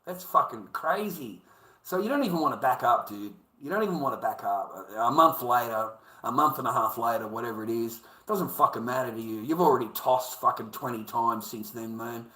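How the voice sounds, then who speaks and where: A man's voice: medium pitch, a little fast, sharp tone, echoey room. An Australian man in a crude, profane, rambling livestream rant, swearing constantly.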